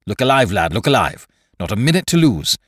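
Guy reading a calm bossy pirate captain, low voice, lots of swing, story reading. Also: breathy edge, no echo, clean studio sound. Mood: commanding. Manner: cool, brisk, giving orders. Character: cool-headed commanding male pirate captain.

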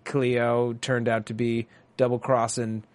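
A man's voice: mid-range voice, flat delivery, slow pace. A man co-hosting a podcast, chatting casually through a TV episode recap with lots of fillers and restarts. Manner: chatty, rambling with many fillers and restarts, breaks into jokey impressions. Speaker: podcast co-host.

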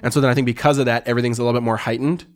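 A man's voice: medium pitch, steady tone, very fast. A man in his thirties co-hosting a podcast with his wife, talking bluntly and directly, often restarting his sentences. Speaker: podcast co-host. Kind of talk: casual conversation. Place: quiet room with cameras and lights.

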